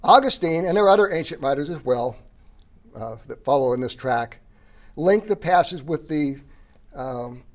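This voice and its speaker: A man preaching a sermon, explaining a passage in a relaxed, conversational way and often clearing his throat. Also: a little high, normal speed. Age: 30s or older. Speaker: pastor. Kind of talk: sermon teaching.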